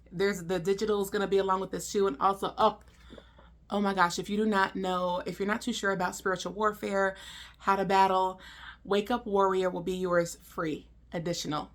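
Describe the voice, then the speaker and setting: A woman presenting a discipleship course in a casual teaching style. She talks conversationally and asks her listeners many rhetorical questions. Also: medium pitch. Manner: frequent ums and restarts.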